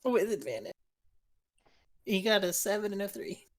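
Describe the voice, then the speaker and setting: A woman's voice: mid-range voice, lively intonation, normal speed. Woman running a tabletop game. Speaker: game master.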